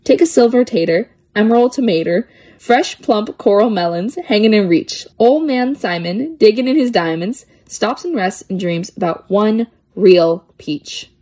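A woman's voice: medium pitch, animated, a little slow, warm tone. A woman reading children's poems aloud with a lilting, playful sing-song delivery. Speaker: poetry reader.

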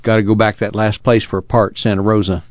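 A man's voice: on the low side, quick pace, no echo, lightly acted. Practical farm man, voiced by a man, dry drawl, dull recording. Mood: matter-of-fact. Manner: calm, dry rural drawl.

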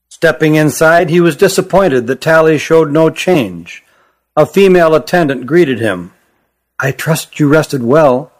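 Man narrating a fantasy audiobook. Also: on the high side. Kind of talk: scripted narration.

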